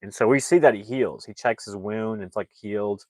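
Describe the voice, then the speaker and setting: A man's voice: on the low side, fairly quick, a little mellow, no room sound. A man reviewing a movie, casually retelling the plot in a rambling way with lots of fillers and restarts.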